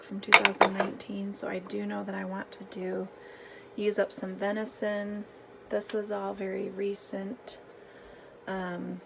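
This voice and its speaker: A woman's voice: mid-range voice, gravelly, noisy background. Chatty woman touring her home pantry. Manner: chatty and practical, thinking aloud with many fillers. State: out of breath after the stairs. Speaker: homemaking vlogger. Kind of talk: casual walk-through vlog. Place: home basement storage and pantry.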